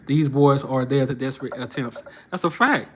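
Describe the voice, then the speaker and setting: A man's voice: medium pitch, moderate pace, fairly bright tone, a little hiss or hum. A man giving casual reaction commentary, mocking and slangy, often laughing. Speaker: reaction channel host.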